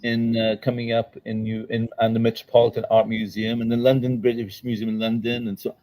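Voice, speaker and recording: A man's voice: mid-range voice, little pitch movement, a little fast, dark tone, low-quality recording. An older man as an interview guest at his daughter's house, telling stories emphatically and checking in with "okay?" and "all right?". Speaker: guest entrepreneur. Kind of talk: storytelling interview answer.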